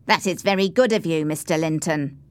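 A woman's voice: deep voice, a little fast, clean tone, no room sound, close to an everyday voice. A woman voicing a stern, curt young master of the house in a storybook reading. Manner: curt and commanding.

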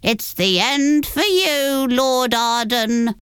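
A woman voicing a strange old witch who foretells the future, speaking slowly and softly. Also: sits high, clear, resonant tone, no room sound, studio quality, pitched above the performer's own voice. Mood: ominous. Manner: slow, soft, prophetic delivery.

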